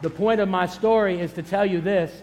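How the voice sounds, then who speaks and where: A man with a noticeably high voice preaches a sermon as a pastor. He drives his points home through emphatic, repeated declarations, building up to each one, and stops to tell a story along the way. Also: fairly quick, darkish tone, a little hiss or hum.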